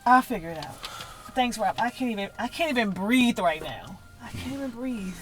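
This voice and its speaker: A woman's voice: high voice, big pitch swings, moderate pace, fairly bright tone, faint music behind. A woman playing a shaken mother who curses and breaks off mid-sentence. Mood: stunned. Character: shaken mother learning her enemy is her daughter.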